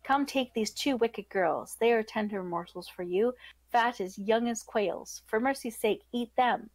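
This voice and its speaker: A woman voicing an ill-tempered little male dwarf with a shrill, scolding manner. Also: lively intonation, normal speed. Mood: pleading.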